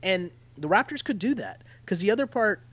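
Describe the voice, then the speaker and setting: Guy cohosting a sports podcast, kinda high voice, chatty and animated. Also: fairly quick. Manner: animated, keeps checking in with "right?". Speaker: podcast co-host. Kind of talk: casual sports chat.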